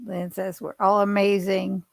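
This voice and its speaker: A woman's voice: mid-range voice, little pitch movement, unhurried, creaky, no room sound. A woman hosting a livestream, chatting and reading viewer comments aloud. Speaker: livestream host. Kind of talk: casual livestream interview.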